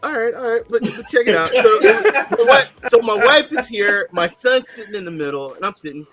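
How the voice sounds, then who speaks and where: A man co-hosting a casual podcast, telling a story with animated energy and laughing along. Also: high-pitched, a little fast, loud music behind the voice. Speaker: co-host.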